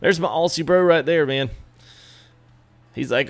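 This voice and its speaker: A man's voice: fairly high pitch, unhurried. A man chatting casually with live viewers while customizing a truck in a game, greeting them by name. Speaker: streamer. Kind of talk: live gameplay stream chat.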